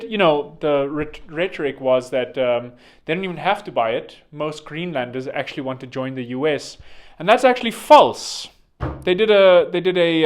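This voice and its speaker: A man from South Africa with a South African accent, talking in a rambling, digressive monologue full of sarcastic, mocking asides. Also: fairly high pitch. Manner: digressive, self-correcting. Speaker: online commentator.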